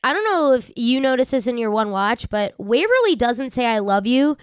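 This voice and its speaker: A woman hosting a podcast, chatting excitedly as a fan, acting out lines from scenes and swearing freely. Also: fairly high pitch, normal speed, clear, resonant tone, no echo, clean studio sound. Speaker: podcast host. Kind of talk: casual fan chat.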